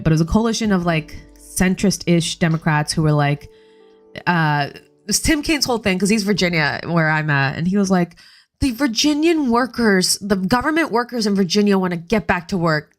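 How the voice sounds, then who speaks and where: A woman hosts a casual political livestream from home, her voice sitting a little low. She talks in heated, fast bursts and swears freely. Faint music plays behind her. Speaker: livestream host. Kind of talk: casual political commentary stream.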